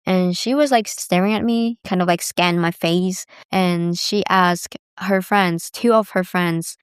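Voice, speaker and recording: A woman's voice: lowish voice, clean tone, no echo, studio quality. A woman, telling stories in a chatty, rambling way full of "like". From Bali, Indonesia. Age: 20s. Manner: chatty, rambling, heavy use of "like". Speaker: vlogger. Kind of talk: casual storytelling.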